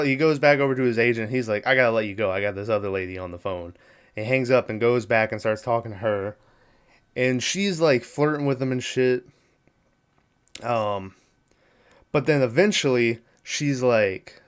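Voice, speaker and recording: A man's voice: lowish voice, normal speed, clean tone. A man hosting a movie podcast, retelling a film's opening scene in loose, profane, casual storytelling and acting out the characters' lines. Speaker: podcast host.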